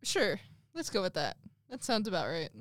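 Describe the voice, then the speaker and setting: A woman's voice: mid-range voice, big pitch swings, moderate pace, no room sound. A woman co-hosting a podcast in casual chat, dropping dry, wry one-liners. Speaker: podcast co-host.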